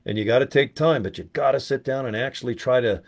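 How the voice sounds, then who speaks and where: A man's voice: medium pitch, quick pace. Sweary, rambling middle-aged man vlogging. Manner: profane, rambling, animated storytelling. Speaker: network marketing vlogger. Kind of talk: casual talking-head chat.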